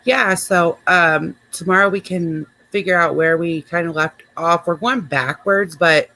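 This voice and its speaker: A woman's voice: fairly low pitch, fairly even intonation, a little slow, sharp tone. A woman hosting a livestream, chatting in a rambling, casual way. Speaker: host.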